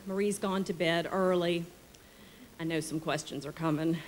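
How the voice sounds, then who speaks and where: A woman's voice: lowish voice, flat delivery, normal speed, a bit bright, low-quality recording. A woman from the American South telling a personal story live on stage in a wry, conversational way. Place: small performance venue on stage. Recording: live stage with faint room noise.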